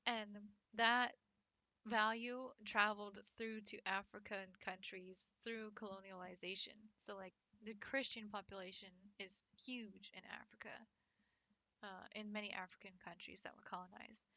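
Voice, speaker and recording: A young woman streamer chats casually with her viewers, laughing often and peppering her talk with "like." Her voice is bright and forward, and it sits close and dry, with no room sound around it. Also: mid-range voice, little pitch movement, moderate pace, no room sound. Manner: chatty, laughs often, many likes. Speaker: streamer and French teacher.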